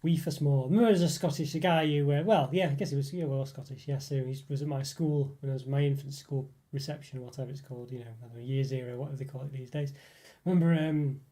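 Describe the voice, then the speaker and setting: Reading his chat on a casual live stream, a young man from England's northeast rambles on with plenty of fillers and false starts. His medium-pitched, dark voice holds a steady tone and comes out fast, with hardly any pauses.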